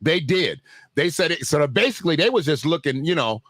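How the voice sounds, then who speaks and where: A man's voice: on the high side, animated, fairly quick, a bit bright, dry recording. A man hosting a livestream, talking straight to his viewers in a loose, joking, conversational way. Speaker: livestream host. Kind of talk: casual livestream commentary.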